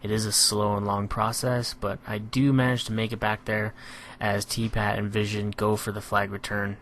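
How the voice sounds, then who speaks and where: A man giving a relaxed, analytical voice-over on his own competitive match, filling pauses with "you know". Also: fairly low pitch, slight background noise. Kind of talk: gameplay commentary voice-over.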